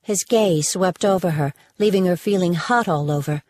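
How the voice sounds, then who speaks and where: A woman narrating an audiobook in a measured, even storytelling manner into a close mic. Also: lowish voice.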